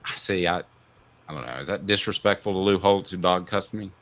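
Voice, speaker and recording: A man hosting a casual sports talk show, sarcastic and animated. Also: deep voice, normal speed. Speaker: sports radio host.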